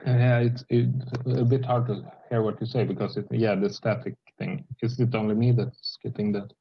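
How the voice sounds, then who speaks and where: A man with a Swedish accent debating on a voice call, speaking haltingly with many restarts and fillers. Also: fairly low pitch, steady tone, creaky, lo-fi sound, a little hiss or hum. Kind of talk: casual political debate.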